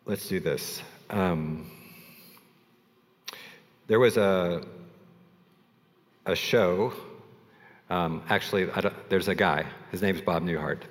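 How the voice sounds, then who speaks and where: A man preaching a sermon in a low voice, easygoing and conversational as he tells stories to his congregation. His words ring with the long reverb of a large church sanctuary. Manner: conversational, storytelling, self-deprecating asides. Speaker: pastor.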